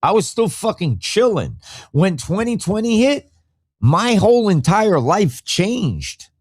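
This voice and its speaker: A man's voice: high voice, big pitch swings, slow pace, a little mellow, husky, no echo, studio quality. Profane, heated man ranting on a podcast. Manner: reads viewer comments. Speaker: podcast host. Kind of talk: casual live-stream rant.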